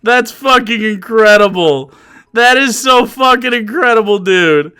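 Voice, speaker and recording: A man's voice: high voice, a little slow, sharp tone, smooth. A man streaming live, chatting casually and mocking his chat with profanity and frequent laughter. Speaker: livestreamer.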